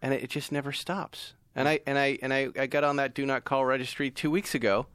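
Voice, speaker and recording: A man's voice: medium pitch, quick pace, smooth, dry recording. A man hosting a car podcast, telling comic stories in a casual chat. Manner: animated comic storyteller. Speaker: podcast host.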